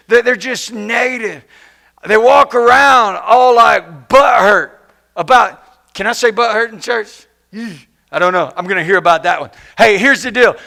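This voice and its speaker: A man's voice: extremely high pitch, gravelly, bright, forceful tone. A man preaching a sermon in church in a conversational, playful way, acting out complaining people. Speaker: pastor.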